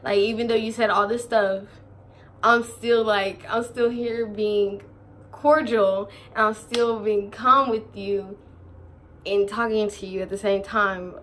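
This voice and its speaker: Animated young woman telling a storytime. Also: medium pitch, slow, slight background noise. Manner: animated, laughing, quoting others in slang. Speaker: vlogger. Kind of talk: storytime vlog, casual chat.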